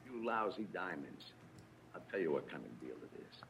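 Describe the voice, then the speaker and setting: A man playing a gangster in an old action film, talking in a gruff, heated way, his film audio heard under crowd noise. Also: low-pitched, very animated, moderate pace, a bit bright, heavily acted. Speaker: film character.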